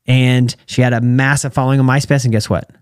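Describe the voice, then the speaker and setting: An American man in his thirties tells stories in a relaxed interview. His voice sits in an ordinary middle register and sounds dry and close. He acts out the people he quotes as he goes. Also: medium pitch, fast, smooth, no room sound. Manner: animated storyteller who acts out quoted dialogue. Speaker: guest, retired champion calf roper and entrepreneur. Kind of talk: casual storytelling interview.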